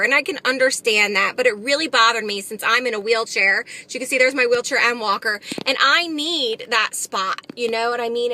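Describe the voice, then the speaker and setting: A woman's voice: on the high side, sharp tone. A woman recording a devotional vlog from her car, talking in an earnest, encouraging way with lots of "just" and "you know.". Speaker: Christian vlogger. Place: in a car while driving. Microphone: phone camera.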